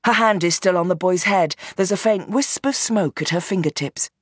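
A woman reading a novel aloud in measured, tense scripted narration. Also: lowish voice, husky, no room sound, clean studio sound. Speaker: audiobook narrator.

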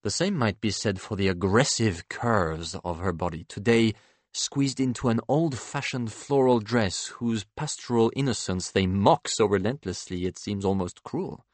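A man narrating a literary first-person story in a wry, expressive, measured manner. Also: fairly low pitch, dry recording. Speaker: audiobook narrator.

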